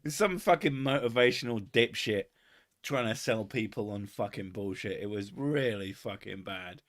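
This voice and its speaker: A man's voice: on the low side, moderate pace. Swearing sarcastic man. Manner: crude, sarcastic, heavy swearing. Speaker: podcast host. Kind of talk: casual comedic chat.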